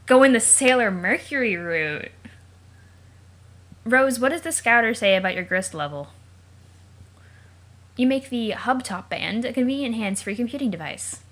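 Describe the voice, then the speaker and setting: A woman's voice: on the high side, lively intonation, moderate pace, long pauses, a bit bright. A woman hosting a let's play, reading a webcomic aloud and breaking off into chatty, joking asides and questions she wonders about aloud. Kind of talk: casual read-aloud with commentary.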